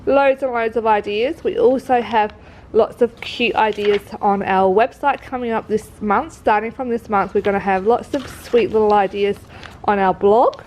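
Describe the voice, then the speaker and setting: A woman's voice: mid-range voice, fairly even intonation, normal speed, darkish tone, a little hiss or hum, low-quality recording. A woman with an Australian accent, who says she is sick, chattily walking through a craft kit and gushing over each item. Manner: chatty, gushing, lots of fillers. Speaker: craft shop presenter. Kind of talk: casual product walkthrough. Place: work premises.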